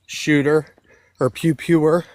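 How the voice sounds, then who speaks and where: Man, slightly high voice, out of breath, walking outdoors, sarcastic chat, dry close sound. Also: fairly even intonation, a little slow, a little mellow, no room sound. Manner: sarcastic, joking, loose. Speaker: co-host. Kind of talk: casual political commentary chat.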